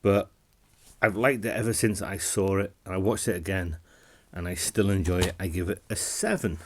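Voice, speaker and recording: A man talking casually to camera about films he watched, relaxed and rambling, often restarting his sentences. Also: deep voice, moderate pace, breathy edge. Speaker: film reviewer. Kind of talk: casual film review vlog.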